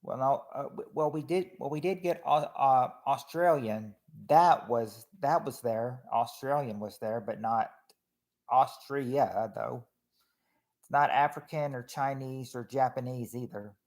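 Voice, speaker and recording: A man hosts a casual game night stream, ruling on guesses one after another. His voice sits in an ordinary middle pitch. He talks in a chatty, halting way, restarting words and letting lines trail off quietly. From Kentucky. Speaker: game host reading out guesses. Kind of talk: casual livestream game commentary.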